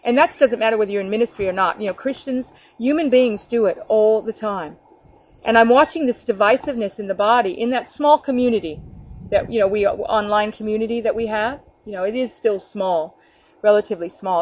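A woman gives an earnest, conversational sermon to her online group, often restarting sentences and slipping into quoted voices. Her voice sits at an ordinary middle pitch for a woman. The audio sounds dull and lo-fi, like an online call. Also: a little mellow. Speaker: preacher leading an online ministry group. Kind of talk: informal spoken sermon.

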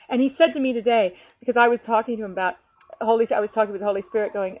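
Earnest, animated woman on a dull line. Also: a little high, fast, no room sound. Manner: animated, earnest, many fillers. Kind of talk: casual faith conversation. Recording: dull lo-fi sound.

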